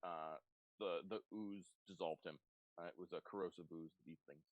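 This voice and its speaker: A man's voice: sits low, brisk, no room sound, narrow, tinny audio. A man running a tabletop game as game master, narrating with lots of fillers. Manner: relaxed, filler-heavy narration.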